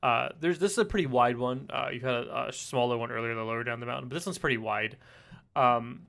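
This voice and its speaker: A man running a tabletop game as game master, narrating the scene in a relaxed way with frequent fillers. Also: mid-range voice, quick pace, gravelly.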